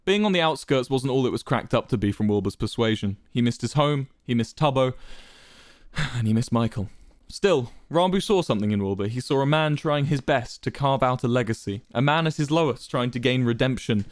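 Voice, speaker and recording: A man streaming, reading a fan story aloud in an expressive, dramatic way. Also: medium pitch, fairly quick, no room sound, studio quality.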